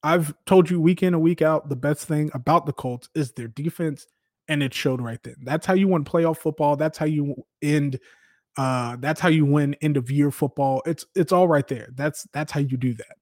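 A man hosting a casual football commentary show, giving opinionated, animated takes with lots of filler words. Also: a little high, normal speed, no echo, clean studio sound. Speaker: sports podcast host.

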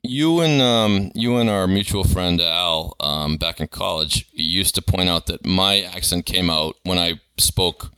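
A middle-aged man from Boston with a Boston accent, co-hosting a casual podcast chat in a jokey, animated way. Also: low-pitched, unhurried, hardly any pauses, clean tone, no echo. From Boston area. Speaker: podcast co-host.

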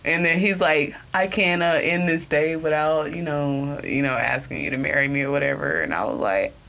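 A woman chatting casually on a podcast, telling a story in an animated way, laughing often and swearing freely. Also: low-pitched, moderate pace, gravelly. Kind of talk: casual chat.

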